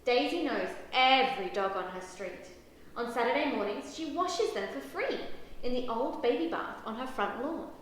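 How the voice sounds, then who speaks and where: A woman reading a picture book aloud to children, expressive, with lively character voices and questions to the listeners. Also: a little high, normal speed. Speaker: children's story reader. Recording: very echoey room, faint background noise.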